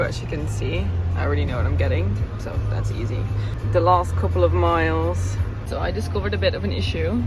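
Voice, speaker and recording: A woman in her twenties chatting through a casual travel vlog, saying "like" a lot, filmed on a handheld phone. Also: lowish voice. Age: 20s. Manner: chatty, peppers speech with "like". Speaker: travel vlogger. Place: theme park, hotel room and car. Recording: loud theme-park crowd and music.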